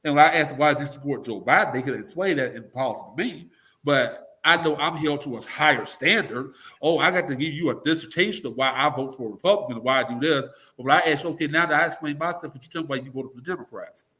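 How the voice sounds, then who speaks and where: A man's voice: a little high, fast talker, pushed and bright. A man giving blunt, emphatic opinions as a political guest, often swearing and acting out the voices of the people he quotes. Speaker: political guest, talk radio personality. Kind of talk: opinionated interview talk.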